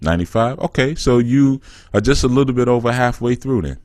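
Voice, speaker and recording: A man's voice: medium pitch, expressive, fairly quick, a little mellow, dry recording, clean studio sound. A man, hosting a call-in show, teasing and joking in easy slang with a caller. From New York. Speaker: spiritual counselor and show host. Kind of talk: casual call-in banter.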